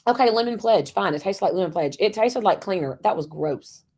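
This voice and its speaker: A woman co-hosting a livestream, blunt and quick to laugh, fighting a cough. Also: medium pitch, animated, darkish tone. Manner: blunt, laughing, playfully argumentative. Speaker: co-host and cruise booker. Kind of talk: casual livestream chat.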